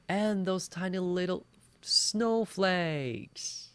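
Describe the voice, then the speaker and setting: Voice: mid-range voice, sing-song, takes it slowly, no room sound. A Mandarin teacher giving an online beginner lesson, playfully demonstrating sounds and asking learners to repeat after them.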